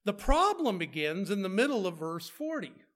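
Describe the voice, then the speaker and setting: A man's voice: high-pitched, big pitch swings, moderate pace, a bit bright. A man preaching a conversational sermon, asking rhetorical questions and slipping in playful asides.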